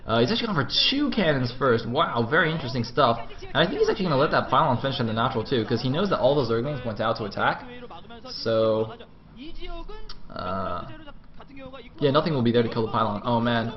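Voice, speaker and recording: A man giving live play-by-play commentary on a strategy game match, excitable and jumping up in pitch whenever the action heats up. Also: fairly quick. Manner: excitable, voice jumps high at action. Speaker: esports commentator. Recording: dull lo-fi stream audio.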